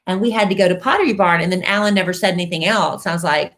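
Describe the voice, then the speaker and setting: A middle-aged woman chats casually on a live stream, her voice sitting low for a woman. She is talkative and playful, telling little stories about her day. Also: brisk, few pauses. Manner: chatty, playful, baby-talks to the dog. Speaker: co-host.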